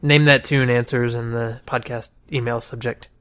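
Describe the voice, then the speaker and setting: A man hosting a podcast in casual chat, playful and quick to laugh. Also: mid-range voice, steady tone, fairly bright tone, clean tone. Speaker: podcast host.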